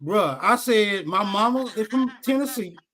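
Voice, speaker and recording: A man's voice: sits high, animated, normal speed, sharp tone. A man from the southern United States with a Southern accent, firing back defensive, profane retorts in a heated online debate. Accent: Southern American.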